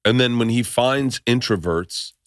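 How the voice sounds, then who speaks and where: A man hosting a podcast, a loud and animated storyteller who acts out what people said in casual chat. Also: medium pitch, measured pace, dry recording, studio quality. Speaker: podcast host.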